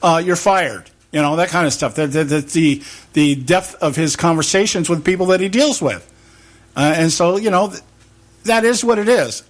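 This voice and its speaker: Male political talk host, slightly high-pitched, rambling and opinionated, heavy on rhetorical questions. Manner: rambling, rhetorical questions, acts out quick back-and-forth exchanges.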